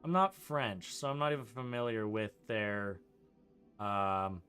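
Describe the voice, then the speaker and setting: Young canadian guy rambling thru a gameplay stream, bright sounding, laughs a lot. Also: on the low side, a little slow, clear, resonant tone. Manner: rambling, chuckling, lots of likes and ums. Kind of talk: casual gameplay commentary reading chat.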